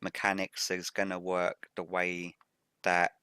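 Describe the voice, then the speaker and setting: A man hosting a game Let's Play with a rough morning voice, explaining each step methodically as he plays. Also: sits low, monotone, measured pace, bright, forceful tone, no room sound. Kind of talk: gameplay commentary.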